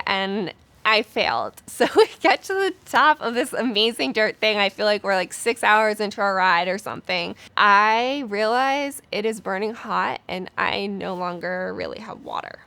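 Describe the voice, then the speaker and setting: A young woman from the United States telling a cycling story in a chatty, animated way, full of "like". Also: medium pitch. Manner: chatty, animated, heavy use of "like". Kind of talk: casual storytelling.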